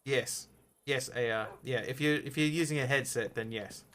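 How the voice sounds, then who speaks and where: A man's voice: medium pitch, normal speed, a bit bright. Chatty man streaming a game. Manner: chatty, thinks aloud and answers chat. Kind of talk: casual live-stream gameplay chat.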